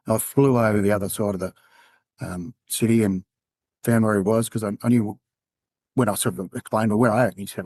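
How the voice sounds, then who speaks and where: A man with an Australian accent, a podcast guest telling a personal story in a candid, halting way. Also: lowish voice, steady tone, a little mellow, husky, dry recording. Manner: candid, halting, acts out quoted dialogue. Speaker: podcast guest, former undercover police officer.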